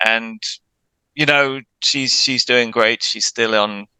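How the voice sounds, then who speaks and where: Male co-host, agreeable casual chat, very bright crisp tone. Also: medium pitch, fairly even intonation, slow, no room sound, poor audio. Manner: agreeable, chuckling, frequent yeahs. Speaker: podcast co-host.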